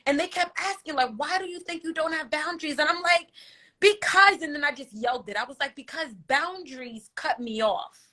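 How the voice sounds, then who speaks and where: A woman's voice: sits high, a little fast, sharp tone. A woman who calls herself a healer, in a candid podcast conversation, telling an emotional story vividly and acting out her inner dialogue.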